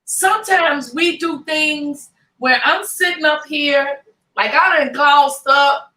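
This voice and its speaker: A woman co-hosts a casual talk, speaking in a frank, emphatic way and joking as she goes. Her voice is high and bright, picked up from some distance in an echoey room. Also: slow pace. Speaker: co-host. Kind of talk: casual chat.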